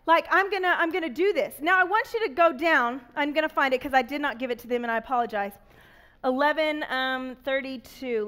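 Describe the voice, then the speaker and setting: A woman children's pastor with a high voice gives an animated sermon to kids. She tells a Bible story and speaks directly to the children.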